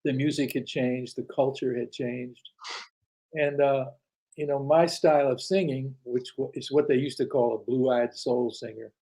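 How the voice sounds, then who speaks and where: A man's voice: mid-range voice, steady tone, moderate pace, mellow, poor audio. An older man telling anecdotes as an interview guest, acting out quoted dialogue with frequent restarts. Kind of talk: casual storytelling interview.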